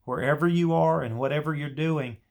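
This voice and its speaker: A man's voice: on the high side, a little fast, gravelly, a little mellow. Earnest man coaching a prayer practice. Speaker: Christian teacher. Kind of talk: spoken devotional teaching.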